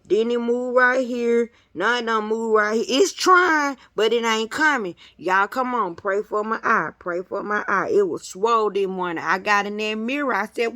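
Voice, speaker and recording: A woman at home, talking to her viewers in a playful, animated way. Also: medium pitch, unhurried, no room sound. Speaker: vlogger. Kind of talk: casual chat to viewers. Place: at home indoors.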